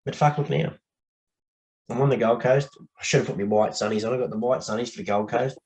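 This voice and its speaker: An Australian man, blokey and quick to laugh, speaks candidly as a guest on a casual podcast and swears now and then. His voice is medium-pitched and a little mellow, and the audio quality is poor.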